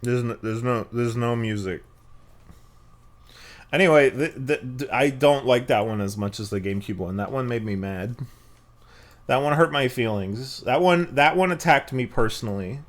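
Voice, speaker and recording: A young man streaming a game live, cursing and yelling at it between quieter chat with viewers. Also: mid-range voice, normal speed. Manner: profane, yelling at the game, lively swings. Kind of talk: live gameplay commentary.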